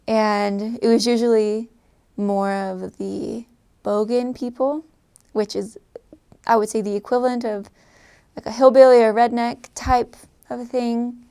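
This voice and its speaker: Young female vlogger, casual storyteller, slightly high voice, lots of creak. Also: darkish tone. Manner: chatty, amused, often laughing. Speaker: vlogger recalling life abroad.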